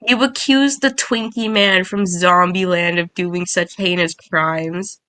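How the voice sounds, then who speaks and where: A woman's voice: on the low side, steady tone, slow pace, pushed and bright, no echo. A young woman co-hosting a podcast, teasing her friend in casual chat and laughing often. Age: young adult. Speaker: podcast co-host.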